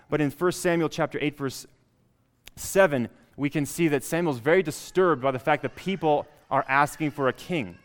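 A man preaching a sermon, reading scripture aloud and building up emphasis on key lines. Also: medium pitch. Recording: long reverb of a hall.

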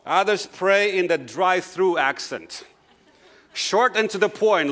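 A man's voice: sits high, expressive, unhurried, a bit bright. Man preaching with a foreign accent. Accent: non-native English accent. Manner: conversational preaching with frequent "you know" asides. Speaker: pastor. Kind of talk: sermon.

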